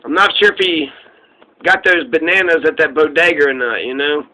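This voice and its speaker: Solo political commentator, male, sarcastic and profane, high and piercingly bright. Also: normal speed, rough recording. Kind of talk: casual profane political rant.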